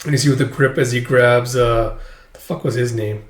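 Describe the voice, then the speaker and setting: A man's voice: mid-range voice, fairly even intonation, normal speed, roomy sound. Rambling man reading a comic aloud. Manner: rambling, filler-heavy. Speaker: host. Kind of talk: casual chapter read-along.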